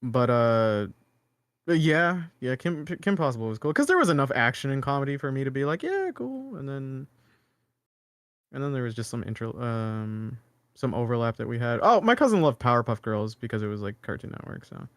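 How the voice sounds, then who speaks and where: A man's voice: medium pitch, expressive, fairly quick, fairly bright tone, smooth, dry recording. A young man chatting casually as co-host, rambling with lots of fillers and restarts. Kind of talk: casual chat.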